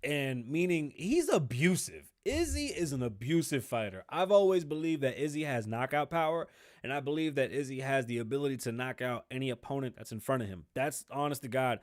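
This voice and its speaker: A man's voice: medium pitch, lively intonation, brisk. Profane, ranting male podcast host. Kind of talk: casual solo commentary.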